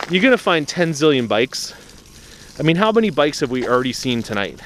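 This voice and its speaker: A man chatting to the camera while trash picking outdoors at night, excitable, through a small camera-mounted mic. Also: mid-range voice, a little slow, pauses often, slight background noise. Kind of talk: casual vlog narration.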